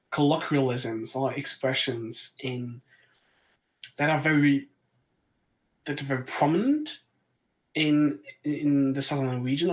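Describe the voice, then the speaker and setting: A man's voice: medium pitch, low-quality recording. Hesitant, stammering man. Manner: hesitant, stammering restarts, laughing easily. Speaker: player. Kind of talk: casual chat.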